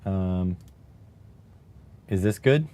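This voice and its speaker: Slow, deep-voiced man musing aloud. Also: expressive, dark tone. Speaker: streamer. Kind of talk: casual live-stream chat while typing.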